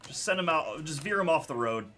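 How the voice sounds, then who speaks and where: Chatty young man with a bright voice. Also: fairly high pitch, expressive, a little fast, faint music behind. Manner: chatty storyteller, laughs often, calls names of pulled cards. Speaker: card break host. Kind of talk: casual chat while opening cards.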